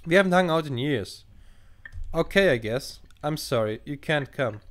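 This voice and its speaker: A man's voice: fairly high pitch, brisk. Swearing young man reacting to a game. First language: not English. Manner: animated, swearing, thinking aloud while reading choices. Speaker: gaming channel host. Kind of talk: casual let's play commentary.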